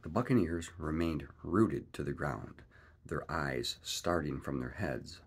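A man reading a classic adventure novel aloud in a lively, expressive way. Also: very deep voice, slow pace, breathy edge. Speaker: reader. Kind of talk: storybook read-aloud narration.

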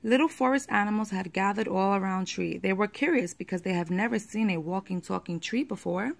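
A woman reading a children's picture book aloud at a steady pace, with the odd small slip. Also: medium pitch, brisk, gravelly.

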